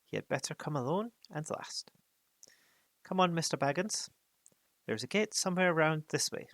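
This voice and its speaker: A man's voice: fairly high pitch, animated, moderate pace, fairly bright tone, no echo, pitched above the performer's own voice. A man voicing an old male wizard who gives commanding, clipped instructions in a storybook reading.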